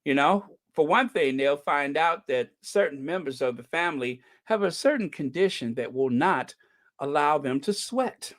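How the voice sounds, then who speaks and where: A man hosting a casual livestream, chatting about news in a sarcastic, gossipy, animated way and laughing often. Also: on the high side, normal speed. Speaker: livestream host.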